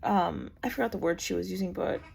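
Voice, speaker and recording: A woman's voice: lowish voice, brisk, vocal fry, a little mellow, a little hiss or hum. A young adult woman casually telling a personal story, chatty and full of "like" fillers. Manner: chatty, lots of "like" fillers, acts out quoted voices. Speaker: vlogger telling her birth story.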